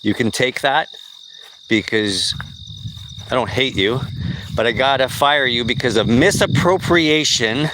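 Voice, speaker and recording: Guy doing his boss, blunt, flat, matter-of-fact, kinda quick. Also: mid-range voice, noisy background, close to an everyday voice.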